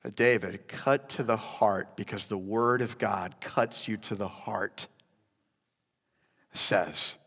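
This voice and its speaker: A man preaching a sermon as pastor, animated and addressing listeners as guys. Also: fairly low pitch, takes it slowly, husky. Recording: long hall reverb.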